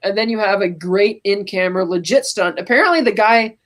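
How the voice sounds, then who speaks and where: A podcast co-host on a call, casually recapping a film scene beat by beat in an animated, storytelling way. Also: medium pitch, brisk. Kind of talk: casual movie recap chat.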